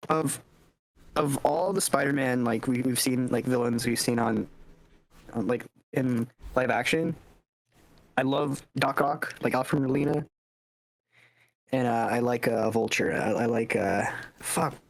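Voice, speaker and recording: A man's voice: medium pitch, measured pace, gravelly, pauses often. A young man co-hosting a casual movie review podcast, rambling and swearing freely. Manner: rambling, swears often, acts out scenes in funny voices. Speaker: podcast co-host.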